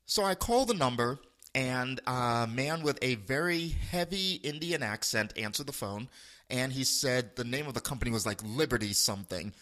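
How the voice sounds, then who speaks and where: A man telling a funny story in casual chat, animated and laughing often. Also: mid-range voice, moderate pace.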